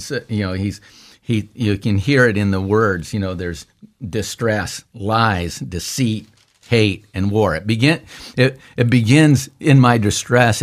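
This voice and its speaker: A pastor talks through a psalm in a relaxed discussion, restarting often and using many fillers before rising into animated quotes. His voice is on the low side.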